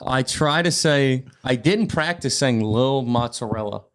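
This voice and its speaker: A man's voice: mid-range voice, unhurried. A man from Alabama, a comedian, telling stories in a casual podcast chat and acting out the people in them. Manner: animated storytelling with impressions.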